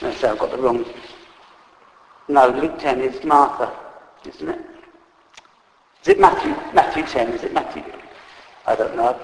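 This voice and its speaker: A man's voice: mid-range voice, fairly bright tone. A man preaching a sermon in an earnest, unscripted way, reading scripture aloud and correcting himself as he goes. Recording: echoey hall reverb.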